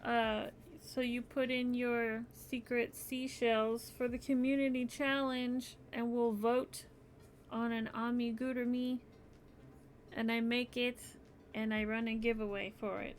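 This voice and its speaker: A woman's voice: a little high, little pitch movement, unhurried, slight background noise. A young adult woman streaming her crochet, chatting casually and sounding sleepy and yawny. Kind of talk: casual live-stream chat.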